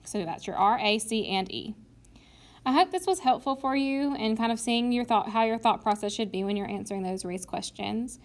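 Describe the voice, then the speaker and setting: A woman teacher talks her students through a writing strategy in a recorded video lesson. Her voice sits a little high, and she explains patiently, step by step, voicing both sides of a made-up argument. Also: moderate pace.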